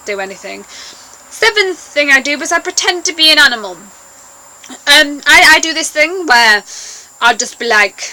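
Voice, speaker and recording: A woman's voice: on the high side, pushed and bright, rough recording. A young woman vlogging to camera in a bubbly, rambling, playful way. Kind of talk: casual chat to camera.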